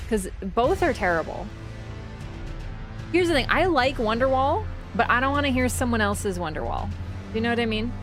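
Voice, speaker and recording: Woman streamer, high-pitched, rambling and swearing through a casual rant, music behind. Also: sing-song, normal speed. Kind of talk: casual live-stream chat.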